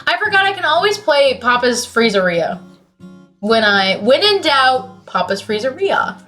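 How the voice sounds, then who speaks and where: A teenage woman streaming, chatting casually and excitably, cursing often and swinging from loud outbursts to mumbles. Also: high-pitched, measured pace, soft background music. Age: late teens. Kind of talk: casual chat.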